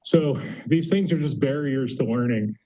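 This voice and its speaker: A man's voice: mid-range voice, normal speed, mellow, poor audio. Chatty man speaking at a public meeting. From Colorado. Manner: casual, chatty, filler-heavy. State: a little out of breath. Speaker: resident giving public comment. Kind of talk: off-the-cuff public comment.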